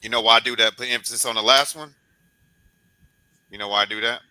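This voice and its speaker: Sports podcast host, male, very bright and forceful tone, mid pitch, animated and coach-like. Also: fast, smooth, no room sound, low-quality recording. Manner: animated, beats out rhythms with repeated "boom" sounds; loose, repetitive, encouraging coach-like talk. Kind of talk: casual sports interview chat.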